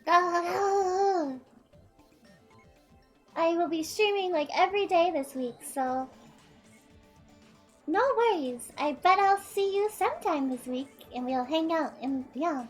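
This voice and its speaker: A woman streams a game live, reading the narration and gushing over her viewers. Her voice sits high and bright, with the slightly thick edge of a morning voice and allergies, and soft music plays faintly underneath. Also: takes it slowly, long pauses. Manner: bubbly, effusive with viewers.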